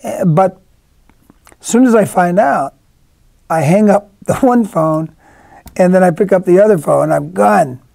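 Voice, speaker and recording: Gravelly middle-aged man telling stories. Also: high-pitched, measured pace, pauses often, a little mellow, dry recording. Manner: rambling storyteller, many restarts, acts out quotes. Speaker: actor guest. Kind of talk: casual anecdotal interview talk.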